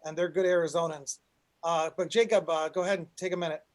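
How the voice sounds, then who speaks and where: A male panel host with a notably high voice, moderating an online discussion. He rambles and restarts his sentences often, heard over a video call. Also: steady tone, fast talker.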